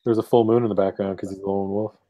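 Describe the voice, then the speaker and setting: A man's voice: fairly low pitch, level tone, quick pace, mellow, dry recording. A man co-hosting a casual podcast chat, laughing often as he talks. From Canada. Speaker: podcast co-host.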